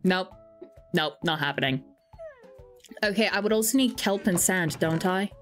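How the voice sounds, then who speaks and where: A woman's voice: on the low side, moderate pace, soft background music. A young woman streaming a game, chatting casually and rambling through stories with lots of fillers. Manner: rambling, self-deprecating storytelling with frequent fillers. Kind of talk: casual gaming stream chat.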